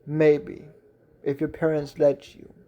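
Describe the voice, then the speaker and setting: Here a kind, wealthy teen schoolgirl speaks, read by a man narrating a fan story. Her lines come slow, calm and gently firm, in a dark, gravelly tone that barely moves in pitch. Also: muffled recording.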